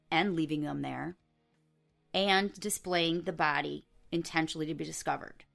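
A woman's voice: fairly low pitch, creaky, fairly bright tone. A woman hosting a true crime podcast, telling the case in a casual, chatty way with offhand swearing. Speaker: podcast host.

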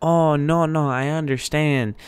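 A man voicing a smooth-talking male taxi-driver hustler, upbeat and persuasive, in a retold story. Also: medium pitch, moderate pace, a little mellow, no room sound, lightly acted. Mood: eager.

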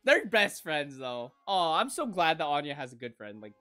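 A woman hosting an anime reaction, moving from soft cooing to loud excited squeals and swearing freely. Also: low voice, moderate pace, faint music behind.

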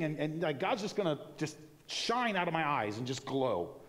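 A man preaching a sermon in a church in a conversational, animated way, acting out little asides as he goes. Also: medium pitch, brisk, big-room sound. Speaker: pastor. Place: church sanctuary.

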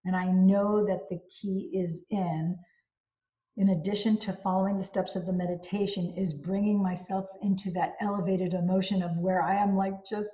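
A woman reading a book aloud and then talking about it in an effusive, expressive way, indoors. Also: mid-range voice, moderate pace. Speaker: book reader and reviewer. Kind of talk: reading aloud and casual commentary. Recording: roomy echo.

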